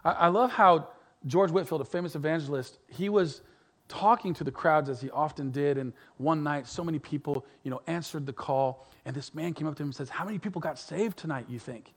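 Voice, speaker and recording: In a fairly high voice and at a quick pace, a middle-aged male pastor preaches sincerely. Words recur as he surges to emphatic high points, then he softens into low-volume lines.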